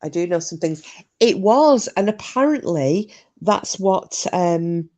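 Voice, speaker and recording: A woman's voice: lowish voice, expressive, slow pace, darkish tone. A woman hosting a live stream, chatting casually and rambling, with frequent restarts. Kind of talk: casual chat.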